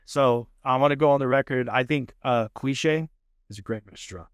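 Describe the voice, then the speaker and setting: A man chatting easily on a podcast, medium-pitched and upbeat, dropping "man" and "dude" as he talks. The room sound is dead dry, close on a studio mic. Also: normal speed, clean tone, no room sound. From California. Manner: laid-back, enthusiastic, says "man" and "dude" often. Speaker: podcast guest, food show host. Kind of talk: casual chat.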